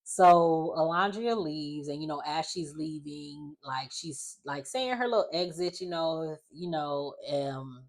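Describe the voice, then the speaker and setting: Low-voiced chatty woman recapping a show. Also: takes it slowly, few pauses. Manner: chatty, heavy use of "like", animated quoted voices. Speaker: recap vlogger. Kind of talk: casual reality TV recap.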